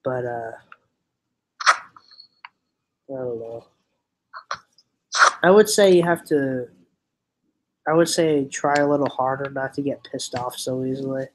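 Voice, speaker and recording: A man's voice: medium pitch, takes it slowly, pauses often, noisy background. A young man hosting a casual livestream chat, rambling and giggly, often restarting his sentences. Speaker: livestream host.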